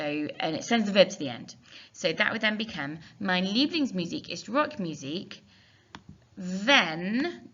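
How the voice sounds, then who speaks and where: A woman's voice: lowish voice, gravelly, pushed and bright. A woman teacher, explaining a recorded lesson step by step, spelling words out and thinking aloud on a dull, lo-fi recording. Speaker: German teacher.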